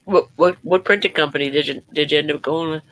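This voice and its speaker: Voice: medium pitch, fairly even intonation, quick pace, a bit bright. A playful co-host chatting on a live stream, laughing often. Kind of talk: casual livestream chat.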